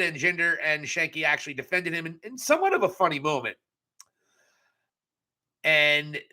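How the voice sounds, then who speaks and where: Bright, sharp-toned man recapping casually. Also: on the high side. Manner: blunt, profane, joking asides. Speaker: wrestling show reviewer. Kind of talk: casual live video recap.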